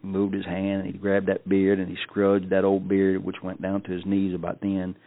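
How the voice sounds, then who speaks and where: Speaking at a normal pace in a deep, monotone voice, this podcast guest shares a personal story folksily, frequently restarting and repeating himself. His audio is dry and thin, like a phone line.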